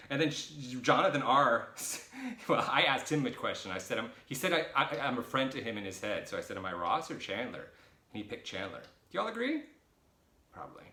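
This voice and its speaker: A middle-aged man from the United States talks through a viewer Q&A in a loose, rambling way. His voice is bright and forward, with a lively pitch that swings around, and he makes jokey, self-deprecating asides. The room around him is echoey. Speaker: vlogger answering viewer questions. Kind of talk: casual rambling Q&A. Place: his boyfriend's home.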